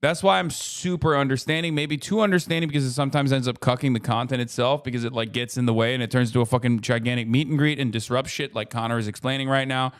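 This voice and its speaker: A man's voice: medium pitch, quick pace, hardly any pauses, clean tone. A man in his thirties chatting casually on a live stream, rambling and swearing freely as he reacts to a video. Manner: profane, rambling, animated asides.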